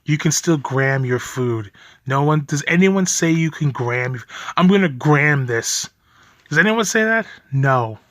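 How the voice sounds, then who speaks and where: A man's voice: a little high, expressive, a little slow, a bit bright, no echo. A young man giving angry reaction commentary on a video, ranting profanely and laughing bitterly as he talks.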